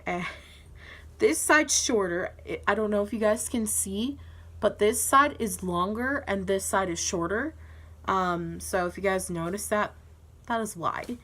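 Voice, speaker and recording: A bright, clear-voiced teenage girl chats to her camera at home. She tells her story in a loose, giggly way, with plenty of "um" and "like," and acts out the other voices as she goes. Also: mid-range voice. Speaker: vlogger.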